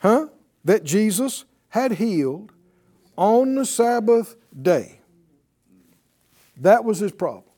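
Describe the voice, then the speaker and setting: Bible teacher on a broadcast, slow deliberate pace, warm mellow voice, swings up and down a lot, keeps asking the crowd stuff. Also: medium pitch, husky. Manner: animated and conversational, asks the audience questions.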